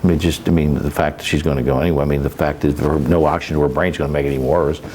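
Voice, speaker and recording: A man's voice: very deep voice, steady tone, rapid-fire, a little mellow. A middle-aged man, a caregiver, talks plainly in an interview, rambling with many fillers and restarts as he tells stories. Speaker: caregiver and sales coach. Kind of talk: candid interview storytelling. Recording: faint background noise.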